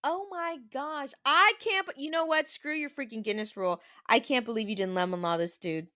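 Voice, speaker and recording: A woman's voice: sits high, fairly quick, bright, forceful tone. A woman co-hosting a podcast over a remote call, reacting to a story with emphatic exasperation. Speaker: podcast co-host. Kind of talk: casual chat reactions.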